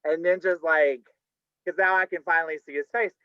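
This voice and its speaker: A man's voice: fairly high pitch, steady tone, fairly quick, smooth, no echo. Campy older man telling a wild story. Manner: campy, chatty, says "honey, okay?" often. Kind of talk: live storytelling. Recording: dull, dry video call audio.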